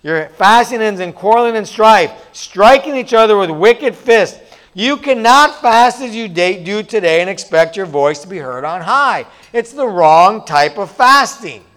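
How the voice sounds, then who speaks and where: A man's voice: sits high, expressive, a little slow, a bit bright. A man preaching a sermon in a casual, self-deprecating way, now and then acting out quoted voices. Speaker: pastor.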